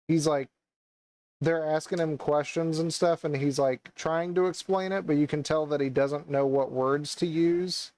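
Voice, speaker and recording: A man's voice: mid-range voice, a little mellow, dry recording, poor audio. A young man co-hosting a casual chat, rambling and hesitant with many fillers and restarts. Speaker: podcast co-host.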